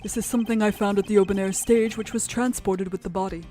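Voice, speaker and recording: A woman reading the lines of a composed, formal male prosecutor in a video game, in a measured, confident way. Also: medium pitch, fairly even intonation, dark tone, faint music behind, close to an everyday voice.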